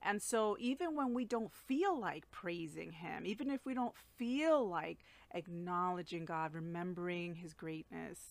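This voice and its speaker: A woman's voice: lowish voice, animated, a little slow, creaky, few pauses, dry recording. Earnest woman giving a devotional talk. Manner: earnest, personal, many fillers and restarts. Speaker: Christian teacher.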